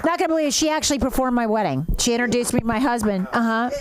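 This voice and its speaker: A woman's voice: a little high, animated, rapid-fire. A woman guest on a comedy stage, telling a story in a chatty, conversational way. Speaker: guest speaker. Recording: noisy live club recording.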